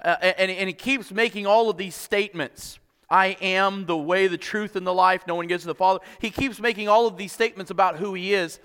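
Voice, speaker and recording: A man's voice: high-pitched, steady tone, fairly quick, fairly bright tone, smooth. A man preaching a sermon as pastor, often repeating words as he starts sentences and building in intensity. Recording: long reverb of a hall.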